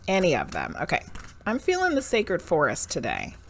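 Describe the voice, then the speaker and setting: A woman's voice: fairly low pitch, wildly swooping pitch, normal speed, slight background noise. A woman giving tarot readings on a live stream, frank and profane, ranting and then laughing at herself. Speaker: medium and tarot reader.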